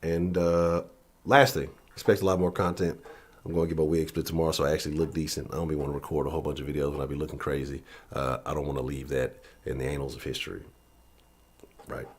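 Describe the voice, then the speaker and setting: A man's voice: a bass voice, little pitch movement, fast talker, husky. A man hosting his sports channel in a casual live-stream chat from his home office, profane and loose.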